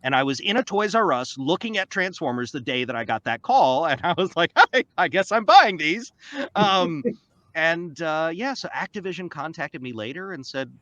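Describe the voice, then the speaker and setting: A man in his forties, a voice actor guest, telling stories in a casual interview with an excitable, animated manner. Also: on the high side, moderate pace, no room sound, dull audio. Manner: animated, excitable, often slips into playful character voices.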